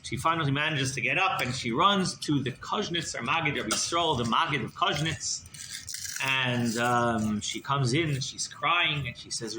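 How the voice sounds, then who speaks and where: A rabbi telling a story in a sermon, animated and conversational, often checking in with the listeners, recorded in an echoey room with background noise. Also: male voice, medium pitch, normal speed. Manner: animated, conversational, asks "right?".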